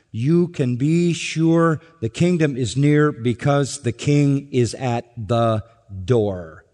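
A man preaching an expository sermon, slow and deliberate, stressing each point and asking rhetorical questions. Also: medium pitch, a little mellow, long reverb tail. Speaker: pastor. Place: church sanctuary.

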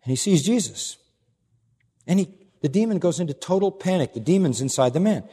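A man preaching an expository sermon as pastor, emphatic, swinging from low asides to raised declarations. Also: animated, brisk, dark tone, slightly rough. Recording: long hall reverb.

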